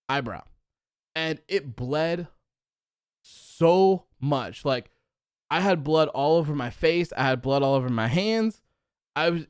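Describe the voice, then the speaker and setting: A man with a somewhat high-pitched voice hosts a casual live stream, his talk loose and full of fillers as he reads chat comments aloud. His voice is smooth and clear, recorded close and dry with no room sound. He keeps spiraling into exasperated rants. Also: no echo. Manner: chatty, many fillers, builds into exasperated rants. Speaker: host of a wrestling post-show live stream.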